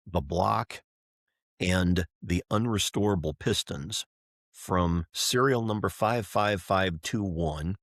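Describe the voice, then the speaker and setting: This deep-voiced middle-aged man, a race driver who is also an entrepreneur, is a guest on a podcast, animatedly telling a story and imitating the people he quotes. The sound is clean studio audio with a dry quality.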